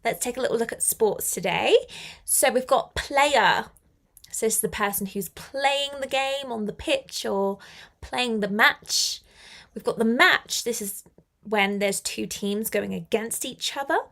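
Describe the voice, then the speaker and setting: A woman's voice: a little high, unhurried, gravelly, fairly bright tone. A young woman hosting a live English class, chatty and encouraging as she reads out viewers' comments. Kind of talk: live-stream English lesson.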